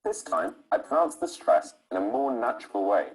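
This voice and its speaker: A man's voice: fairly low pitch, huge pitch swings, normal speed, vocal fry, low-quality recording. A man teaching English pronunciation, stretching out syllables to show the stress. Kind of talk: scripted lesson narration.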